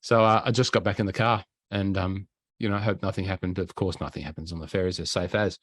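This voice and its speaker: A man's voice: low-pitched, fairly even intonation, fast talker, no echo. A middle-aged Australian man hosting a golf podcast, telling travel stories in a chatty, enthusiastic way. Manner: chatty, enthusiastic anecdotes with playful impressions. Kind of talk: casual storytelling chat.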